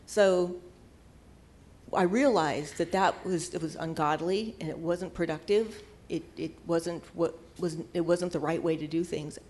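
A woman's voice: fairly low pitch, fairly even intonation, a little slow, a little mellow. An older woman giving casual marriage advice in an earnest, conversational way, at times searching for words. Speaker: marriage teacher.

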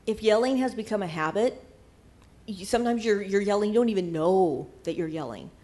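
An older woman, a marriage teacher, offers casual marriage advice in an expressive, brisk voice of medium pitch with a darkish tone. She's earnest and conversational, sometimes hunting for the right words.

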